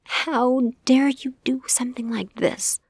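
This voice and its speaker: A defiant young vampire woman, voiced by the woman narrator speaks sharply. Her voice is low with a gravelly grain. The sound is close and dry. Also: measured pace, no echo.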